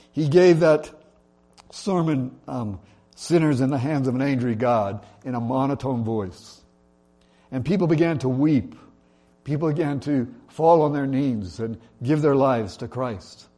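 A man's voice: mid-range voice, warm tone. A man preaching a sermon in a church, talking in a conversational way with many fillers and building emphasis through lists. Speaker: pastor.

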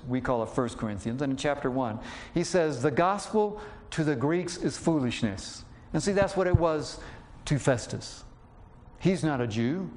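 A man's voice: on the high side, darkish tone. Man preaching, dramatic scripture voices. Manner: acts out quotes with raised voice; slows down when reading scripture. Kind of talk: sermon.

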